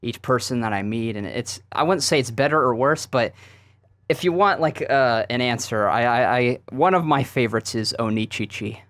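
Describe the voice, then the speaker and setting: A man chatting as a podcast guest, stumbling through his answers with plenty of fillers and quick nervous laughs. His voice sits at an ordinary middle pitch. The recording is close and dry, with no room sound. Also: a bit bright, no room sound. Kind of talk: casual chat.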